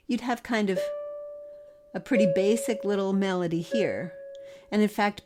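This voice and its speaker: A woman's voice: mid-range voice, darkish tone. A middle-aged woman from the Philadelphia area, teaching harp in a friendly, explanatory way. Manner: friendly explanatory, sings rhythms. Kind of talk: podcast music lesson.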